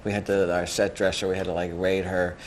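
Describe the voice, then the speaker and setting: Fairly low-voiced man telling film stories. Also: little pitch movement, a little fast, slight background noise. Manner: chatty, loose storytelling with fillers. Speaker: cinematographer interviewed. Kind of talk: documentary interview.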